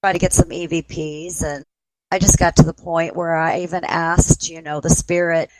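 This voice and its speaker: A woman's voice: low-pitched, little pitch movement, normal speed, no echo, low-quality recording. A woman guest on a radio talk show, a paranormal investigator who tells stories in a giggly way and often breaks into laughter. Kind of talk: casual radio chat.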